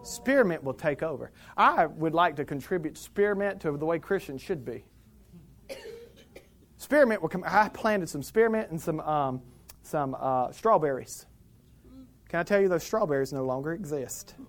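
A pastor preaching a sermon in church, moving from calm teaching into loud, fiery exhortation. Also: medium pitch, normal speed.

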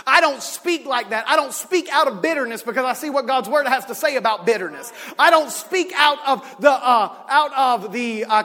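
A male pastor preaching a sermon, swinging between loud shouting and quiet, close talk. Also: very high voice. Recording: long reverb of a church hall.

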